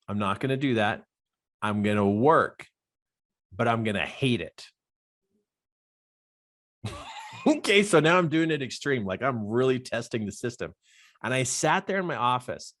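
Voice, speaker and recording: Man, life coach, lively pitch swings, laughs a lot, acts out dialogue. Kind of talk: animated personal storytelling.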